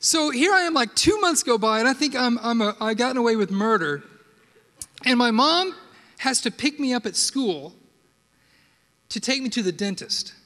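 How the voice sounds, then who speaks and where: A man preaching a sermon and telling personal stories in an animated way, with frequent rhetorical asides to the congregation. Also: very high-pitched, moderate pace, long pauses. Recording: long hall reverb.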